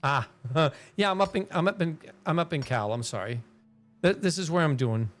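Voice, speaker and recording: A man's voice: a little high, animated, moderate pace, soft background music. A man giving casual live-stream commentary while playing a game, rambling, swearing freely and laughing often.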